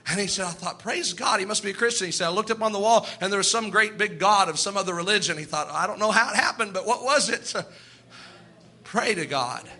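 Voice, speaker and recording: A man's voice: sits high, a little fast, pushed and bright. A man preaching a fervent sermon, acting out the people in his stories.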